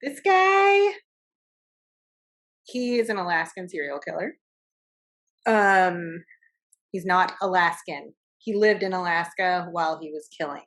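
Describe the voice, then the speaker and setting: Chatty low-voiced woman podcaster. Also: a little slow, fairly bright tone. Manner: chatty, laughs often, many fillers. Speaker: podcast co-host. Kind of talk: casual chat.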